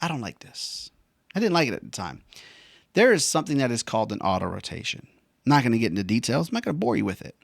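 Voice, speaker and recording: Man, veteran, casual storytelling, slangy and profane, mid pitch, dry close sound. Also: huge pitch swings, rapid-fire, gravelly, no echo. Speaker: veteran vlogger.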